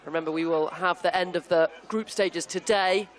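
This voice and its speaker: A woman giving brisk live football commentary with jokey asides. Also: lowish voice, steady tone. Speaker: play-by-play commentator.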